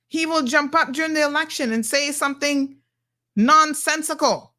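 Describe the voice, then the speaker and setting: A woman's voice: high-pitched, moderate pace, bright, forceful tone. A middle-aged woman hosting a talk show, blunt and sassy as she reacts to viewer comments.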